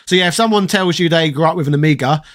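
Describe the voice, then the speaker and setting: A man of about forty from southeast London, England, hosts a casual livestream, reading live chat and sharing opinions in a put-on posh English accent with plenty of swearing. His voice is a little high and fairly bright, and he talks fast.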